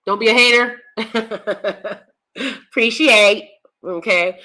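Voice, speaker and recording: A woman's voice: on the high side, takes it slowly, pushed and bright. A woman hosting a live-stream commentary, talking bluntly and profanely and reading out chat comments. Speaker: YouTube commentary host.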